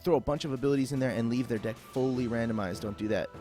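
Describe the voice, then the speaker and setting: A game tutorial host with a medium-pitched, warm voice talks fast and off the cuff, casual and meandering with lots of fillers. Music plays faintly in the background of the voice-over.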